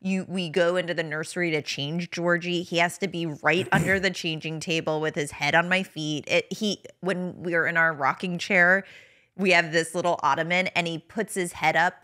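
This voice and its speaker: A woman in her thirties co-hosts a relaxed podcast with a bright, forceful tone. Her voice sits a little low, and she chats casually, laughing often as she tells affectionate stories. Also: normal speed. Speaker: podcast co-host. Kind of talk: casual chat.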